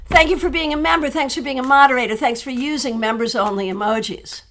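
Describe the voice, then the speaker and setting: Chatty higher-voiced woman tarot reader. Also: fairly quick, hardly any pauses. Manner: chatty, animated, laughs often. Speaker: tarot reader answering viewer questions. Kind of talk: casual live-stream chat.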